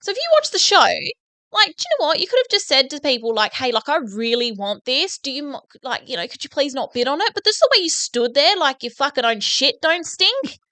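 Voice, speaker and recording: A woman co-hosting a podcast, ranting in an animated, sweary way during casual chat. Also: high voice, brisk, few pauses, no echo. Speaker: podcast co-host.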